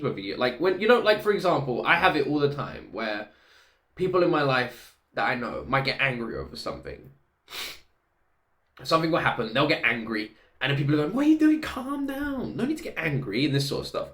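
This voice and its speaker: A man in his thirties hosting a reaction video, openly emotional and excitable, repeating himself in quick bursts. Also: fairly high pitch, echoey room. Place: home room.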